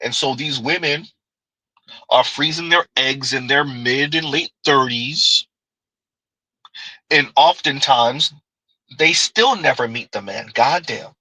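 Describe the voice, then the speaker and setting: Bright, sarcastic commentary man. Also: mid-range voice, slow pace, pauses often, slightly rough, no echo, poor audio. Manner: sarcastic, talks back to himself. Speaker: commentary host. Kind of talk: reaction commentary.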